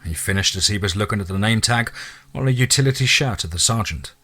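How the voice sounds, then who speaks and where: A man narrating a monster horror story in a steady, dramatic reading. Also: fairly low pitch, fast talker, breathy edge.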